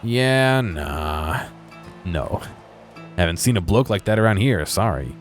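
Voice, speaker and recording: A man reading a smooth-talking town alderman. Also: low-pitched, lively intonation, slow pace, faint music behind. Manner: reads the lines in his own plain voice. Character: male town alderman, cheerful smooth talker.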